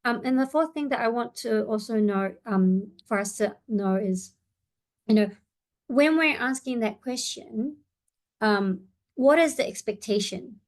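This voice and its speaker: Speaking unhurriedly in a fairly high voice, this woman therapist presents an online seminar for parents. Her manner is warm as she works through ideas aloud with plenty of ums and you-knows, her voice cracking a little.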